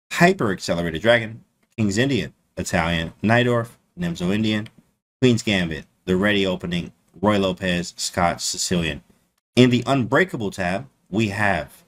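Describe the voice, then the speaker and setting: Slangy low-voiced male streamer. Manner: slangy, animated, repeats himself. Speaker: chess streamer. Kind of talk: casual live-stream chat to viewers.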